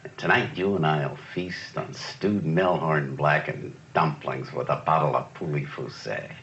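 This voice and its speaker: An actor playing a persuasive businessman in the cockfighting world, in a smooth and showy manner. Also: very deep voice, unhurried, a bit bright, heavily acted. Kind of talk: film dialogue. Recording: dull lo-fi film sound, barnyard noise.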